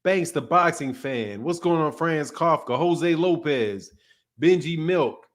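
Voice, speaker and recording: A man's voice: fairly high pitch, expressive, slow pace. A man hosting a casual livestream, loosely greeting viewers by name in a chatty way. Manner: loose and chatty, reads viewer names aloud. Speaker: livestream host.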